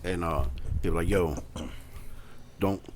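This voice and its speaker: A man in his thirties co-hosting a podcast, telling stories in a casual, animated way and swearing a lot. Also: deep voice, a little slow, a little hiss or hum. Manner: animated, swears a lot, loud when retelling. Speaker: podcast co-host. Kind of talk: casual storytelling chat.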